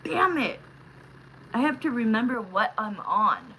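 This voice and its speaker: This woman runs a live tarot stream from home and talks in an unhurried, gushing way, calling her viewers love, honey and sweetheart. Her voice is bright and forward, and it now and then leaps into loud, excited bursts. Faint noise sits under her voice. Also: a little high, low-quality recording. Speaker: livestream tarot reader.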